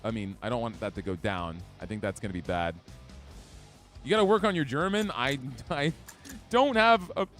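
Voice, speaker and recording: A man's voice: medium pitch, normal speed, a bit bright, faint music behind. A man live-streaming a video game, chatting with his viewers and reacting to play. He talks in a chatty way, reads chat aloud, laughs often and has hiccups. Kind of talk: live gameplay commentary.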